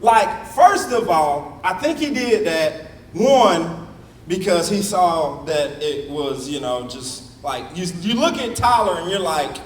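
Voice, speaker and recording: A young man on a comedy stage spins a stand-up story, his voice high for a man and swinging widely as he acts out the people in it. He sounds set back from the mic in a roomy hall. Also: a little slow, distant mic, a little hiss or hum. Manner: animated, acts out characters in shifting voices.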